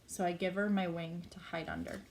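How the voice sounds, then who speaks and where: A woman's voice: fairly low pitch, expressive, fairly quick, a little mellow, a little hiss or hum. A woman reading a novel aloud in a plain, unpolished way, with small slips she corrects as she goes. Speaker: reader.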